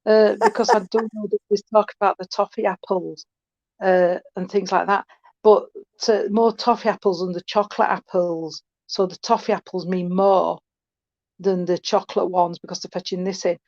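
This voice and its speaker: Warm-hearted woman medium, chatty, heard over a muffled, dry line. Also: mid-range voice, steady tone, normal speed, no room sound. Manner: chatty, affectionate, calls people sweetheart. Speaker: spiritualist medium. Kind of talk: online mediumship reading. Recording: dull, dry call audio.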